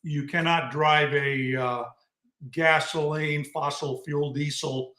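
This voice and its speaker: A German-born man co-hosting a relaxed chat in a fairly high voice. He is friendly and explains things in rambling restarts. His voice sounds echoey, as if in a bare room. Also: takes it slowly. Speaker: co-host. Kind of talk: casual chat.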